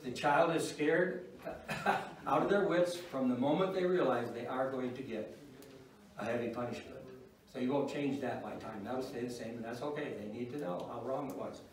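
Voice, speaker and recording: A man's voice: mid-range voice, moderate pace. An older man teaching a church class on parenting, folksy and wry, chuckling at his own stories. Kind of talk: informal church class talk. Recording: echoey room, mic far off.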